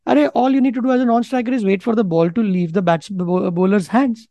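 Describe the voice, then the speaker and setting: A man's voice: high-pitched, quick pace, vocal fry, warm tone, no room sound. A man in his thirties with an Indian accent, chatting casually and animatedly on a podcast, laughing often and slipping into Hindi. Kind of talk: casual chat.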